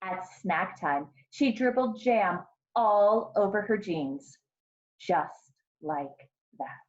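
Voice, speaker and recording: A woman kindergarten teacher reading a picture book aloud to her class, slow and expressive, pausing to ask the children questions. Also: mid-range voice, lo-fi sound, a little hiss or hum.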